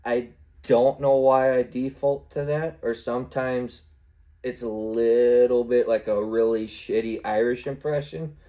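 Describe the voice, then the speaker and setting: Laid-back swearing man, dark voice. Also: medium pitch, steady tone, measured pace, highs cut off. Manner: rambling, swears freely, acts out his own gaming trash talk. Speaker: podcast host. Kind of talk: casual solo podcast chat.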